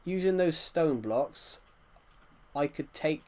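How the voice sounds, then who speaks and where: A young man streaming a game, talking in a soft, quiet, subdued voice as he chats casually. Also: a little high, lively intonation, slow. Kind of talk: casual gameplay commentary.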